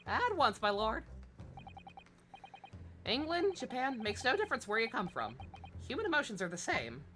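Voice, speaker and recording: A woman's voice: a little high, wildly swooping pitch, normal speed, background noise. A woman hosting a let's play, reading game dialogue and tossing in sarcastic, playful asides.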